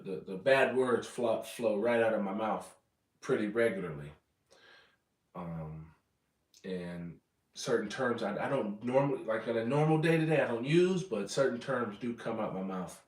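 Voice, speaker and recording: Rambling American man, roomy distant sound. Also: lowish voice. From United States. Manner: rambling, self-correcting, repeats words. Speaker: vlogger. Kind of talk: casual livestream chat.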